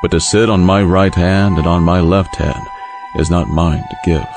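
Jesus, very deep solemn voice. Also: male voice, fairly even intonation. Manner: measured, solemn, grave. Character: Jesus, calm authoritative male teacher. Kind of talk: dramatized scripture reading. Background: music underneath.

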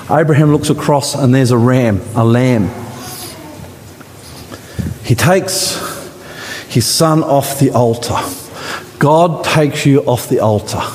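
A male pastor preaching an impassioned sermon in a church, swinging his pitch and pace for drama. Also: a little mellow, a little hiss or hum. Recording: long reverb in a church hall, faint ambience.

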